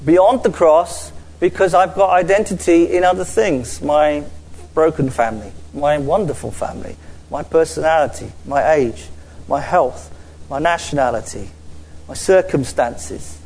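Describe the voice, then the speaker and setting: Earnest preacher man, slightly high voice. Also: a little mellow, a little hiss or hum, poor audio. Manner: earnest, with halting restarts and repeated words; slows down to stress key phrases. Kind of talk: sermon. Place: church gathering with a screen before an audience.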